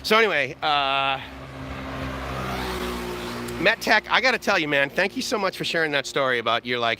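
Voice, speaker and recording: A slightly high, animated, bright and forceful voice belongs to an American vlogger hosting a live walk-and-talk on an outdoor seaside walkway at a moderate pace. A little hiss or hum comes through his selfie-stick camera as he rambles, jokes and chuckles with viewers.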